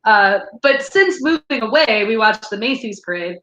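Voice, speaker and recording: A woman's voice: a little high, expressive, normal speed, fairly bright tone, echoey room, rough recording. A woman co-hosting a podcast in casual chat, enthusiastic and steering the talk along. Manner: chatty and enthusiastic, steering the conversation. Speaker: podcast co-host.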